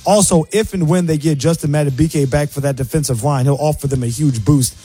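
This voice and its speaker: A man hosting a sports radio show, giving quick, opinionated game analysis. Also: fairly high pitch, mellow, slightly rough, soft background music.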